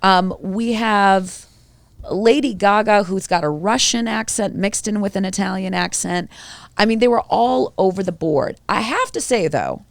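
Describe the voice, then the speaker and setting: A woman of middling pitch gives a casual film review with animated, emphatic opinions. She talks with plenty of conviction. Her voice sounds dry and close to the mic. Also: a little slow, vocal fry, dry recording. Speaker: podcast co-host.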